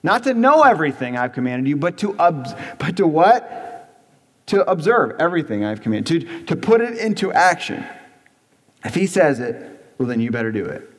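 An earnest male pastor preaches in a church, his voice sitting a little high for a man. He presses his points with repetition and rhetorical questions. A long reverb from the hall trails after him. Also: sing-song, normal speed. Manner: earnest, emphatic, repeats for stress, rhetorical questions. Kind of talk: sermon.

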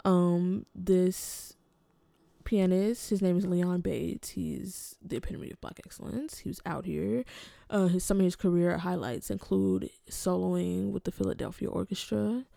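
A woman co-hosting a podcast, sharing news in a relaxed, chatty way with many hesitations. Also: on the low side, measured pace, creaky, dry recording, clean studio sound. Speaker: podcast co-host. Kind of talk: casual podcast chat.

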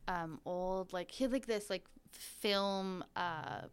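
A woman's voice: medium pitch, slow pace, clean tone. A woman from Northern Wisconsin hosting a podcast in casual chat, rambling and wry with lots of fillers. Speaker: podcast host.

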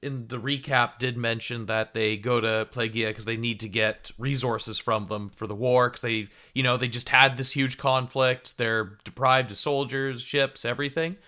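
A man's voice: medium pitch, fairly even intonation, normal speed, hardly any pauses, pushed and bright. A man in casual podcast talk, earnest and a little self-mocking, building up to a point. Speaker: podcast co-host. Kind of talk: casual chat.

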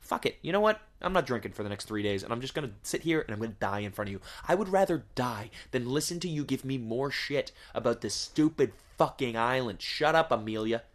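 A man's voice: mid-range voice, expressive, fairly quick, few pauses, lightly acted. A man voicing a bitter, stranded man who is sick of his partner, speaking with sarcastic, profane exasperation. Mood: exasperated bickering.

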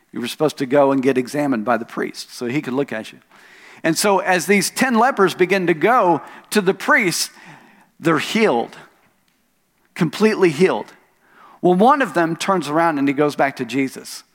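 Preaching man in a reverberant hall. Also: fairly high pitch. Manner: storytelling preacher, rising loud on key lines, dropping soft for asides. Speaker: pastor. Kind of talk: sermon. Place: church sanctuary.

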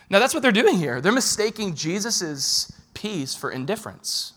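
A man preaching a sermon in a conversational way, asking the listeners questions and swinging from loud bursts to quiet lines. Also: high voice, sing-song, normal speed, few pauses. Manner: conversational, asks the audience direct questions. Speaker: pastor.

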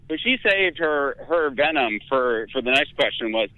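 A man's voice: mid-range voice, animated, moderate pace, dry recording, phone-quality sound. A man guest telling a candid, self-mocking personal story in casual conversation.

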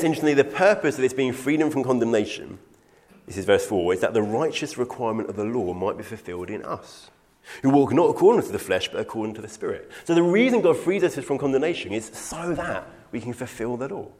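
A man's voice: lowish voice, a little mellow. A man teaching through a Bible passage in an earnest, emphatic way, quoting scripture and taking questions. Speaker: preacher.

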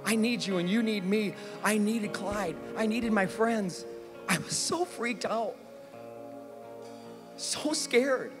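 A middle-aged pastor with a high voice preaches, telling a story with animated, self-mocking energy and breaking into squeals as he acts out his younger self. His voice carries through the long reverb of a large hall, with faint music underneath. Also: a little slow. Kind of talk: sermon with personal storytelling.

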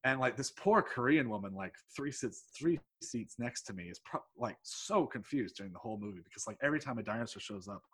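A man who teaches English telling a personal story in a rambling, excitable way, swearing freely and laughing mid-sentence. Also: medium pitch, a little fast, few pauses, breathy edge. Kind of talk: casual anecdote telling.

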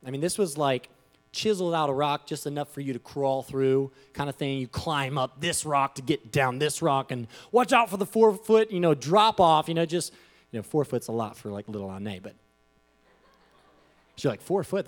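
A man preaching, telling a personal story in a loose, conversational way with frequent asides, swinging from quiet to loud as he acts out what people said. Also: mid-range voice, moderate pace, soft background music. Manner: animated, conversational, with frequent "you know" asides. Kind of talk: storytelling sermon.

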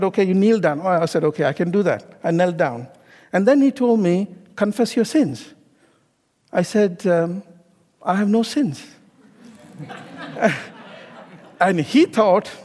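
Guy preaching, keeps asking the room questions, lots of okay and you know, high voice, long echo. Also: darkish tone. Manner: calls out questions to the congregation. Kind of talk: sermon with personal story.

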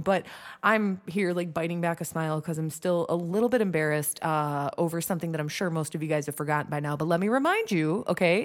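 A young woman hosting her own podcast, chatting casually and self-deprecatingly with lots of fillers and restarts. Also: on the low side. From United States. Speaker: podcast host. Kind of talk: casual solo podcast chat.

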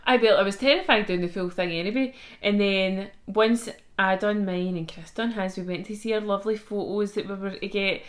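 A woman's voice: medium pitch, brisk, hardly any pauses. A woman chatting casually on a podcast, adding to shared travel stories. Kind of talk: casual chat.

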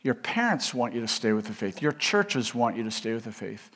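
A man's voice: medium pitch, big pitch swings, brisk, fairly bright tone, slightly rough. A man giving a chapel sermon as a visiting seminary speaker, earnest and emphatic, with frequent filler words and restarts.

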